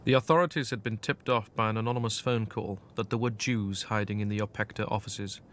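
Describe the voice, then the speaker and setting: A man giving scripted documentary narration in a measured, grave delivery. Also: lowish voice, fairly even intonation, fairly bright tone, slight background noise.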